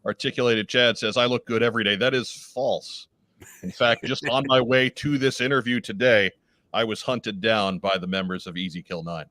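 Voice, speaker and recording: Male podcast host, lowish voice, dry close recording, mixes jokes with sincere pitches. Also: fairly even intonation, normal speed, bright, forceful tone, no room sound. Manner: joking, then earnest appeals. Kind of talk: casual podcast chat.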